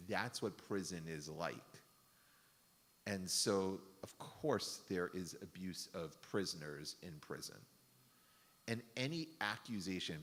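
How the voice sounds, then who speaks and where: This rabbi has a low yet fairly bright voice, echoing with the long reverb of a synagogue hall. His storytelling is casual and rambling, packed with fillers and mid-course corrections.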